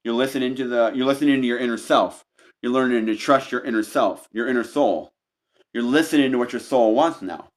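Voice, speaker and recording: This tarot reader speaks at a medium pitch and a brisk clip. Reading unscripted, he talks straight to the listener as "you," meandering and repeating himself, often restarting phrases.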